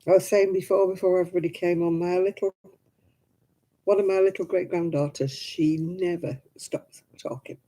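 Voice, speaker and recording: A woman's voice: on the low side, steady tone, moderate pace, mellow, rough recording. An older woman, chatting and telling stories with a giggle while she crafts over a video call from home. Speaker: craft stream host. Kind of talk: casual chat while crafting.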